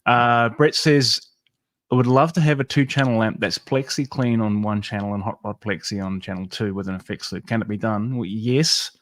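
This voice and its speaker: A man's voice: fairly low pitch, moderate pace, dry recording. A man hosting a live Q&A, reading viewer questions aloud in an easygoing way and laughing often. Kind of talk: casual live Q&A.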